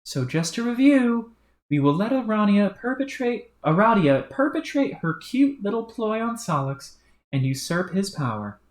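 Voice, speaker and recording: A woman's voice: medium pitch, big pitch swings, normal speed, pitched above the performer's own voice, close to an everyday voice. A woman voicing a bratty, scheming young female troll who talks in a smug, bossy, sarcastic way, in a roomy-sounding recording. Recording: roomy echo.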